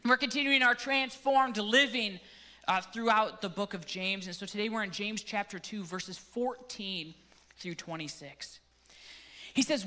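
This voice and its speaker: A man's voice: sits high, a little slow, sharp tone. A man preaching a sermon into a microphone, telling a joking, self-deprecating story before reading scripture. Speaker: pastor. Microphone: handheld or stage microphone.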